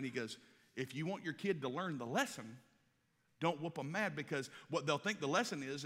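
A man, preaching a folksy sermon to teenagers, swinging from loud bursts to hushed asides. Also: on the high side. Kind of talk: sermon to a youth audience. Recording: reverberant hall.

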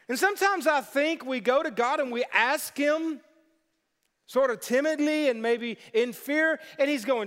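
A man's voice: very high voice, a little slow, a bit bright. A man preaching a sermon as pastor, telling stories and breaking into playful voices for the people in them. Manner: storytelling with playful character voices. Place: church sanctuary. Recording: long hall reverb.

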